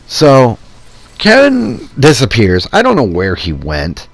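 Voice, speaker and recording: A man's voice: mid-range voice, unhurried, a little hiss or hum. A man telling a casual, rambling personal anecdote and acting out the quoted dialogue as he goes. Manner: animated, acts out quoted dialogue in rambling asides. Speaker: storyteller vlogger.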